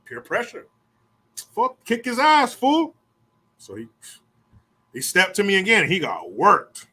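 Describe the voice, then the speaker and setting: A middle-aged man spins rough tales in a casual, profane way, his voice bright and sitting a little high. He jumps into the voices of the people in his stories, then drops back into easy chat. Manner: profane, animated, acts out quotes of others. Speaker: host telling stories. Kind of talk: casual storytelling.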